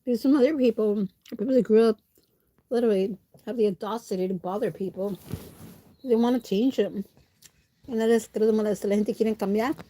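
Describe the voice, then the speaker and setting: A woman's voice: a little high, brisk, long pauses, dark tone. A woman livestreamer with a stuffy nose, chatting casually with viewers while she eats and answering their comments. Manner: chats while eating, talking with food in her mouth.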